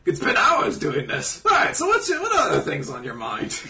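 A man's voice: very high-pitched, wildly swooping pitch, normal speed, creaky, bright, forceful tone. A man co-hosting a casual chat show, trading joking, sarcastic banter full of swearing. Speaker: podcast co-host. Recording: voice a bit distant from the mic.

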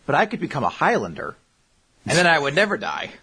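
Lively, husky-voiced man on a podcast. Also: a little high, fast talker. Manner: animated, jokey, puts on silly voices when quoting. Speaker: podcast co-host. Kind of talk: casual chat.

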